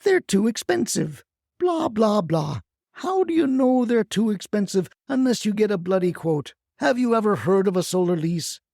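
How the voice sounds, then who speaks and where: A woman's voice: medium pitch, very animated, moderate pace, creaky, dark tone, dry recording, studio quality. A performer voicing a feisty retired grandmother who rants bluntly and swears as a crusader for solar panels. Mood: ranting. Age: older. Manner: brash, scolding, blunt swearing. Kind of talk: comic audio storytelling.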